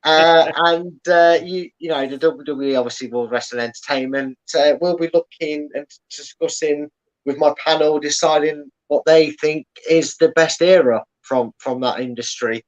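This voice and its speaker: A man's voice: on the high side, normal speed. A man chatting casually as a guest, plugging his podcast and explaining at length with many fillers. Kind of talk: casual chat. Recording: slightly dull lo-fi audio.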